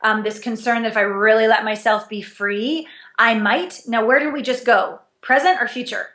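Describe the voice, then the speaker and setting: A fairly high-voiced woman, an intimacy coach, is a guest in a relaxed, casual interview conversation. She talks at a moderate pace, animated and expressive, with wide pitch leaps, and laughs as she acts out little bits of dialogue. The recording sounds roomy and echoey.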